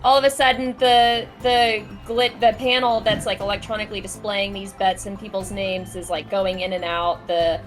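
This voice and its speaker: A woman's voice: mid-range voice, steady tone, normal speed, few pauses, faint music behind. A woman narrating as game master in a loose, giggly way, full of "like" fillers.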